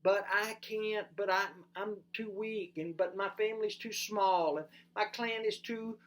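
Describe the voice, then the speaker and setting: Brief: a preacher voicing a whiny, scared young man making excuses, pitched up and pleading. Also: measured pace, natural voice. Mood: whining. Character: whining, frightened young man, full of excuses.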